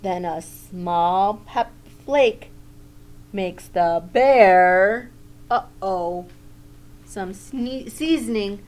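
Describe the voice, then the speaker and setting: A woman teacher reading a picture book aloud to children in a gentle way, pausing to comment and ask questions. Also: medium pitch, a little hiss or hum.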